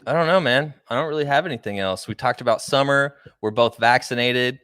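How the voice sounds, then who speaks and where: A man's voice: mid-range voice, a little fast, fairly bright tone, clean tone, no room sound, clean studio sound. A young adult man co-hosting a podcast in casual, jokey chat, often trailing off mid-sentence. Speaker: podcast co-host.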